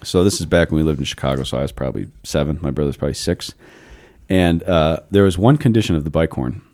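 A man in his thirties hosting a podcast, discussing philosophy in a casual, animated way and telling stories. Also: very deep voice, fast. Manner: storytelling, animated, laughs often. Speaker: podcast host.

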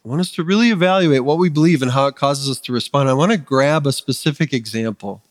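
A man's voice: medium pitch, fast, dry recording, big-room sound. A man preaching a sermon as pastor, earnest and conversational, building his points with emphatic rising lists. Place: church sanctuary.

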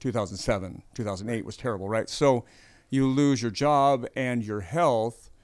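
A man's voice: medium pitch, normal speed, a little mellow. A man hosting a faith interview in a conversational way, summing things up and checking in with his guest as he goes. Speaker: podcast host, interviewer.

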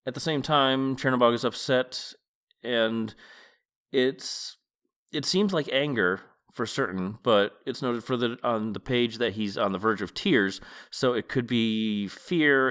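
A man with a clear, resonant, mid-range voice hosts a podcast where he reads a novel aloud a page at a time. He follows each reading with relaxed, conversational commentary.

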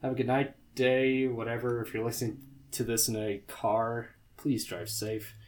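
A man's voice: medium pitch, little pitch movement, moderate pace. A young man co-hosting a casual podcast, talking in a loose, hesitant way with lots of fillers and restarts. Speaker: podcast co-host.

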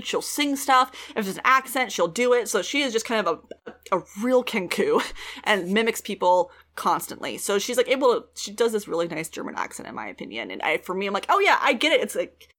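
A woman at a middle pitch talks through a show's episode plot for her podcast. She keeps it loose and chatty, swearing freely and slipping into voices for the characters. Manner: animated, swears freely, acts out quotes. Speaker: podcast host recapping a TV show. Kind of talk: casual chat.

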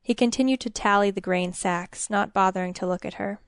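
A woman narrating a story in a measured, even storytelling manner. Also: mid-range voice, clean tone, no room sound, studio quality.

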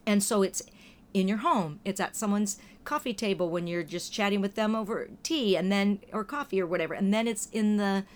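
A woman in casual conversation, telling stories in a lively way and acting out what people said. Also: mid-range voice, brisk. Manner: lively storytelling, acts out quoted voices. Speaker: podcast guest or co-host. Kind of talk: casual chat.

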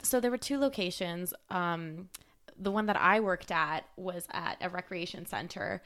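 A woman's voice: on the low side, measured pace, a bit bright. Playful young woman trading jokes. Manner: playful, jokey banter. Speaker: podcast co-host. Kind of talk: casual chat.

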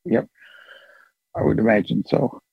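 A man's voice: on the low side, steady tone, a little slow, vocal fry, slightly rough, dry recording, muffled recording. A man hosting a group call, chatting casually and joking at his own expense. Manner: chatty, joking, self-deprecating. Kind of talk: casual chat.

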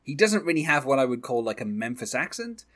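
Bright-toned man sharing film trivia. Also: medium pitch, fairly quick. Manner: relaxed, explanatory, with many ums. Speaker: podcast co-host. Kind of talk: casual film discussion.

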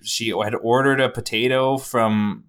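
A man's voice: medium pitch, steady tone, unhurried, a bit bright. A man co-hosting a podcast, telling a rambling story in casual chat and swearing often. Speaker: podcast co-host.

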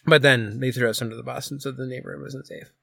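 A man co-hosting a casual podcast, talking haltingly about his old coffee shop job, with many fillers. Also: mid-range voice, steady tone, creaky, sharp tone, no echo. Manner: rambling, hesitant, with many fillers. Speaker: podcast co-host; former coffee shop worker. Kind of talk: casual chat.

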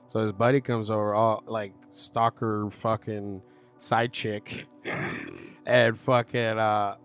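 A man's voice: on the low side, flat delivery, takes it slowly, fairly bright tone, faint music behind. A man casually recapping a TV episode with friends, swearing often and acting out the characters' lines as he tells it. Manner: profane, rambling storyteller acting out characters' lines. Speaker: podcast co-host.

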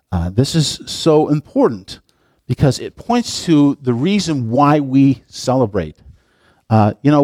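A man's voice: on the low side, mellow, no room sound. Male pastor mid-sermon, reads scripture then rambles into asides, dry close sound. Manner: conversational, digressive preaching with asides; reads scripture aloud with pauses and stresses. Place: church sanctuary.

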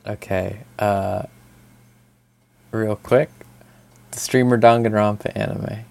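A man co-hosting a casual podcast chat, telling stories in a rambling, animated way with lots of fillers and swearing. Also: lowish voice, gravelly. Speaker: podcast co-host.

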